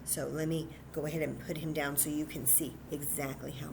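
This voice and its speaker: A woman leading a children's story time at home, speaking slowly in a sing-song way and talking directly to the kids. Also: sits low, little pitch movement, vocal fry, noisy background. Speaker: children's librarian. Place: home room with a cat nearby.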